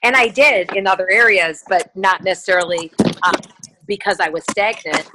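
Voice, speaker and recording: A woman leading a motivational sales conference call, chatty and animated, acting out conversations as she tells stories. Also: mid-range voice, normal speed, noisy background. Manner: chatty and animated, acts out dialogue. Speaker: team leader on a sales call.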